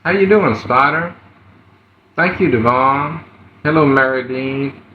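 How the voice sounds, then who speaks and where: A man hosts a casual live stream, greeting people by name between halting pauses. His voice sits in a middle range. The audio is roomy and muffled, with a faint hiss behind it. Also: medium pitch. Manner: greets viewers one by one, halting with many fillers. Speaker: livestreamer. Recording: roomy, dull, slightly noisy phone audio.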